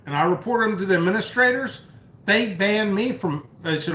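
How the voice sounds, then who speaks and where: Eating noodles at home, this live streamer reads comments and spins a story in loose, rambling talk, often mocking and starting sentences over. He sounds high-pitched, expressive and fairly bright, speaking fairly quickly in an echoey room.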